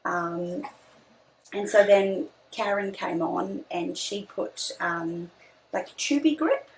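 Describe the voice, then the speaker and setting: A woman's voice: mid-range voice, slow pace, gravelly, rough recording. A young woman, telling her birth story in casual chat, hesitant with many restarts. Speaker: podcast guest.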